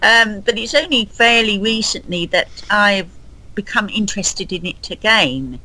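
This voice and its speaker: A woman with a London accent, speaking as a podcast guest in an unhurried, hesitant way with restarts. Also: medium pitch, sharp tone, rough recording. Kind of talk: podcast interview.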